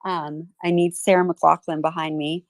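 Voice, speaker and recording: A woman's voice: deep voice, level tone, moderate pace, no echo. Woman, podcast host, emphatic and impassioned delivery, dry close sound. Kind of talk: casual chat.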